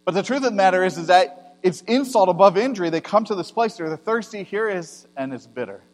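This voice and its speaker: A man's voice: high-pitched, lively intonation, brisk. Man preaching in an echoing hall. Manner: conversational preaching, swings between loud emphasis and quiet asides. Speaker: pastor. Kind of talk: sermon. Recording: long hall reverb with mains hum.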